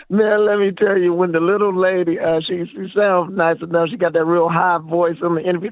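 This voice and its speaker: A man from Fresno calling into a sports talk show, talking in a friendly, halting, rambling way. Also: fairly high pitch, fairly even intonation, vocal fry, no echo. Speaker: caller. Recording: phone line.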